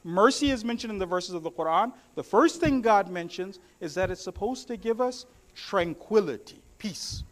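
A man's voice: sits high, expressive, normal speed, hardly any pauses. A man preaching a sermon to his congregation, mixing humorous stories with recited Arabic verses.

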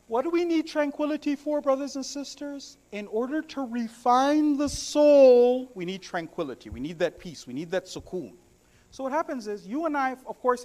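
High-voiced, lively male preacher. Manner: addresses the congregation directly, mixing humorous stories with recited Arabic. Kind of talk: sermon.

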